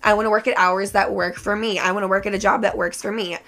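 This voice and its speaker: A young woman co-hosting a podcast in casual chat, hoarse from losing her voice, tired but energetic. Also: medium pitch, fast talker. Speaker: podcast co-host.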